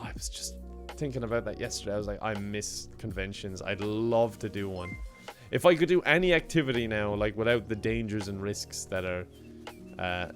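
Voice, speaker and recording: A young Irish man chatting casually on a live game stream, reading out and thanking chat messages in a relaxed way and laughing often. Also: on the low side.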